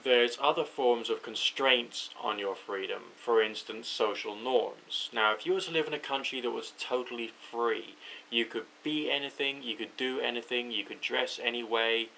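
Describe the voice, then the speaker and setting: This British vlogger talks through his thoughts on camera late at night, tired and meandering, often fixing what he's just said. He speaks at a moderate pace in a mid-range, creaky voice that sounds pushed and bright. It's a low-quality recording with slight background noise.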